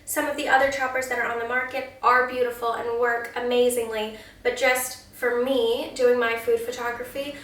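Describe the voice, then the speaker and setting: An enthusiastic woman reviews a kitchen chopper, chatting casually with the odd filler. Her voice sits a little high and sounds slightly distant from the mic. The room adds a noticeable echo. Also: level tone, normal speed, a bit bright. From United Kingdom. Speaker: food photographer reviewing a kitchen gadget.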